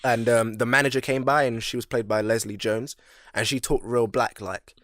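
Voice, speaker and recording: A young man co-hosting a podcast, chatting in casual banter, animated and joking with frequent laughs. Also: medium pitch, moderate pace, no room sound, clean studio sound. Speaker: podcast co-host.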